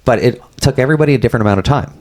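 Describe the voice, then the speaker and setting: A man in his forties, a podcast guest telling a story in a casual, animated way, acting out what people said, with many filler words. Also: mid-range voice, rapid-fire. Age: 40s. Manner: animated, acts out quoted dialogue, frequent "like" fillers.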